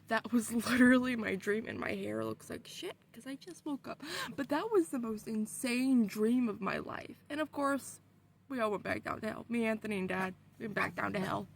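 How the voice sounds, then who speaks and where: A woman vlogger telling a story in casual, excitable talk, swearing often. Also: a little high, vocal fry, a little hiss or hum.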